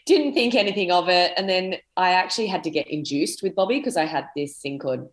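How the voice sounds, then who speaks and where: A woman's voice: lowish voice, lively intonation, brisk, reverberant. A woman chatting casually as a podcast guest, a rambling, talkative storyteller. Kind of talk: casual chat.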